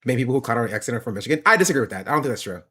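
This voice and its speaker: A man's voice: mid-range voice, lively intonation, rapid-fire, pushed and bright, breathy edge. A man streamer giving opinionated, explanatory political commentary.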